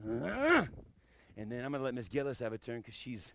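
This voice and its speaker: A man leading a kids' karate class, energetic and playful, breaking into loud kiai yells as he demonstrates moves in an indoor studio. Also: medium pitch, racing. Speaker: karate instructor.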